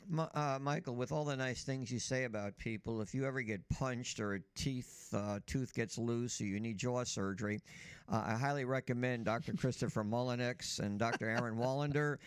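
A man's voice: medium pitch, moderate pace, smooth, no room sound. A man co-hosting sports radio, speaking emphatically and reading a sponsor ad. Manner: emphatic, lecturing. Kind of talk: sports radio opinion and live ad read.

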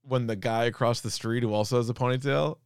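A man's voice: medium pitch, fairly even intonation, fast talker, smooth, dry recording, studio quality. A man co-hosting a casual podcast chat, retelling comedy sketches, laughing often and acting out quoted lines in a raised voice. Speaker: podcast co-host.

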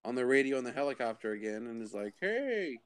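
A man's voice: mid-range voice, steady tone, rapid-fire, smooth. A man playing in a tabletop game, talking in an offhand, teasing way during casual banter. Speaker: player.

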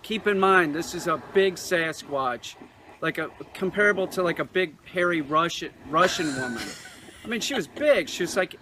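High-voiced man, noisy outdoor clip. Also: expressive. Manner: halting, repeats himself, grows distraught and strained. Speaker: man in a confessional video clip. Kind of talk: rambling confessional account. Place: outdoors in a dry creek bed.

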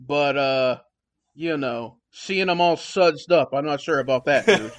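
A laid-back man co-hosting a podcast, sprinkling slang through his talk in a slightly high voice. He sounds dry and close to the mic. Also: unhurried, no room sound. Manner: laid-back, slangy, says dude and bro. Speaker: podcast co-host. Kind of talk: casual chat.

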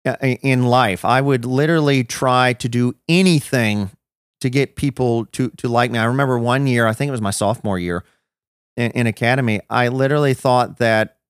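As a guest on a podcast, a man tells his own story reflectively and with self-deprecation, restarting often. His medium-pitched voice is clear and resonant at normal speed, captured in a dry, studio-quality recording.

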